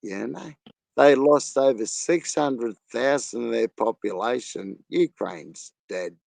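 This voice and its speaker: Australian man, gravelly voice, slow drawl, crude rambling chat, dry sound. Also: mid-range voice, a little mellow, dry recording. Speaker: live stream host. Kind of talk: casual live chat.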